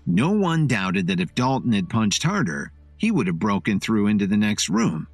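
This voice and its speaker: Man narrating a story, low voice, lively expressive delivery, dry close sound. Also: moderate pace, dry recording, soft background music.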